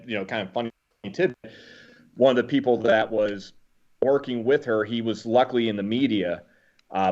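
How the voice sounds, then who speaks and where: A man's voice: lowish voice, highs cut off. A man, a former Marine, talking as a podcast guest and telling stories bluntly, with some swearing. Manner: blunt storyteller, swears freely. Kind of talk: casual conversation.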